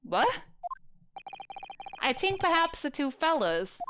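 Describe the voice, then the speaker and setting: A woman's voice: sits high, big pitch swings, slow, background noise, voice pushed up, exaggerated voice. A woman voicing a sly, rambling male witness with a put-on mock brogue. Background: game music.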